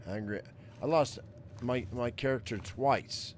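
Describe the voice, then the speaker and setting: A man streaming a video game, talking casually in a mid-pitched voice while he plays. He swears freely, repeats and restarts his words, and keeps saying how angry he is. A faint noise sits under the recording. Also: lively intonation, a little slow, darkish tone. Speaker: gaming streamer. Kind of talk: casual let's play commentary.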